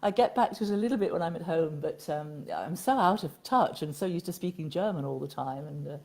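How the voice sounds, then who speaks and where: A woman with an English Midlands accent, from Nottingham, co-hosting a chat show and reading poems in a soft, measured way. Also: sits low, lively intonation, gravelly. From Nottingham, England. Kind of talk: radio-style chat and poetry reading.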